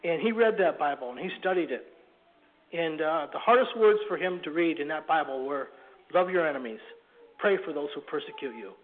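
High-voiced man preaching over a tinny line. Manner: halting, repeats words, clears throat and coughs. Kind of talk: sermon storytelling.

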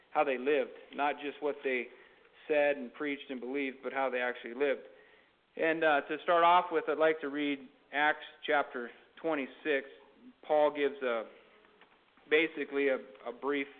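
A man preaching a sermon. He reads scripture aloud, then explains it in halting speech full of fillers and restarts. His mid-pitched voice comes through a narrow, tinny, phone-like recording.

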